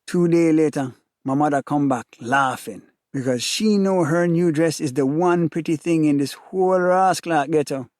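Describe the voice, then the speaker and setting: A man's voice: on the high side, normal speed, darkish tone, dry recording, studio quality. A man with a Jamaican accent giving an intense, rhythmic first-person dramatic reading.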